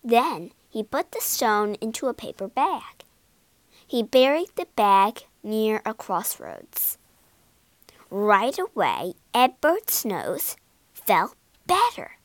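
Slow, lively woman reading a storybook. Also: fairly high pitch, no echo. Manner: slow, lively storytelling with big character voices. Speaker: storybook reader. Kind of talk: expressive storybook read-aloud.

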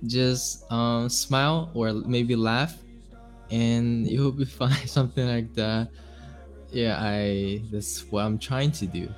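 A man, a native Chinese speaker, hosting a podcast and asking questions in simple, halting English, often answering with "uh-huh". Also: mid-range voice, steady tone, soft background music. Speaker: podcast host. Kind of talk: casual interview chat.

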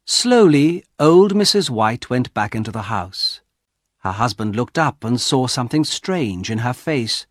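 Man reading a storybook aloud really slow, lots of up and down, dry close mic. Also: mid-range voice, no room sound. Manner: slow, clearly articulated, expressive. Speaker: audiobook narrator. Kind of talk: scripted narration of a graded reader.

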